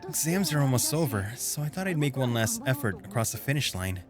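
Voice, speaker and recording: A man's voice: mid-range voice, very animated, fairly quick, over music, lightly acted. A man voicing a diligent teenage girl who gets short-tempered. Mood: determined.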